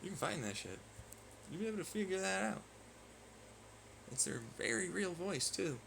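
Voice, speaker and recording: A man's voice: sits high, big pitch swings, normal speed, vocal fry, a bit bright, a little hiss or hum, low-quality recording. A man vlogging in a profane, sarcastic and taunting rant. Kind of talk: ranting monologue.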